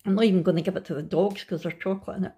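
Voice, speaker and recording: A woman's voice: lowish voice, fairly even intonation, rapid-fire, dull audio, very noisy. A Scottish woman chatting casually in a home kitchen for a family vlog, laughing often and cooing at pets. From Scotland. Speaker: vlogger.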